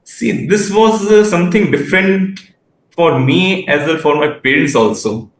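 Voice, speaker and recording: Hesitant teenage guy in an echoey room. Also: a little high. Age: teens. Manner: halting, hesitant phrasing with restarts. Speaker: guest researcher. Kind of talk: interview answers.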